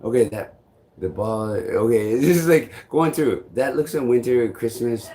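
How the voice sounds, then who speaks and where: A man's voice: mid-range voice, unhurried, dark tone. A man telling a story in a casual vlog, rambling along with repeated "I'm like" asides, frequent swearing and chuckles. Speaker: vlogger.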